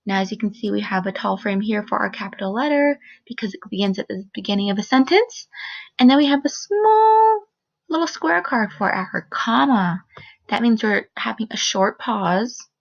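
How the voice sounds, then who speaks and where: A woman teaching a first grade phonics lesson on video, speaking slowly and clearly in an encouraging teacher voice. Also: medium pitch. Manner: slow, clear, encouraging teacher talk with modeled expression. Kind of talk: recorded phonics lesson for children. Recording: dull, lo-fi sound.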